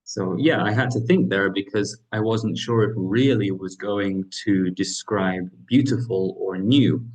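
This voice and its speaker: A man's voice: fairly low pitch, measured pace, darkish tone, poor audio. A man teaching an English grammar lesson, explaining step by step and often checking in with "right?".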